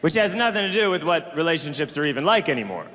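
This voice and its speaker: A man performing a stand-up routine, riffing rapidly in a tone of disbelief. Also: a little high, big pitch swings, fairly bright tone. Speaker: stand-up comedian. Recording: reverberant hall with crowd and noise.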